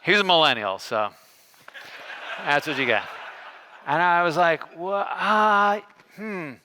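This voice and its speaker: A man giving a keynote talk on a conference stage, telling a story and acting out the dialogue with lively shifts in tone. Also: a little high, unhurried, noisy background. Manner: animated, acts out dialogue with shifting tones. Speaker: keynote speaker.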